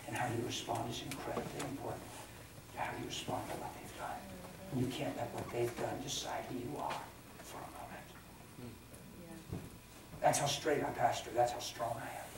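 A man preaching a sermon as a pastor, plain-spoken, swinging between hushed and loud. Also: medium pitch, level tone, fairly quick, background noise. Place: large church hall. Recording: echoey hall from far off.

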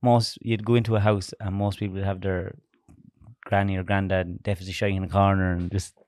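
Teasing Irish podcast host. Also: male voice, deep voice, little pitch movement, a little fast, darkish tone, no echo. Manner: teasing questions, laughs a lot. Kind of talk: casual podcast chat.

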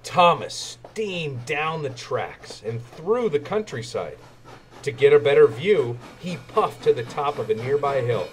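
A man reading a children's storybook aloud, with expressive, animated narration. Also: medium pitch, unhurried. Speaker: children's book reader.

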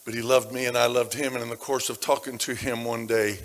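A man preaching a sermon, telling stories about people from his congregation, dropping to a hush and then rising to loud emphasis. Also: medium pitch, little pitch movement, fairly quick. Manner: dramatic shifts between hushed and loud. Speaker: pastor. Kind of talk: sermon storytelling. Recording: long reverb of a large hall.

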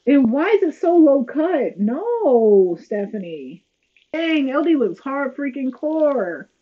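Soft background music plays as a woman with a high, very animated voice takes it slowly, hosting a casual watch-along with sarcastic, exasperated running commentary. She's a reaction video host, recorded in slightly dull lo-fi audio with faint noise.

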